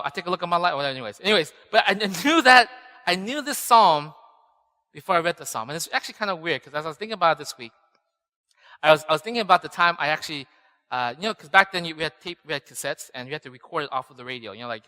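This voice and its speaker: Man, 30s, pastor, casual storytelling sermon, bright tone, long hall reverb. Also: fairly high pitch, expressive, very fast. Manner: chatty storytelling, often asks "right?". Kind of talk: conversational sermon.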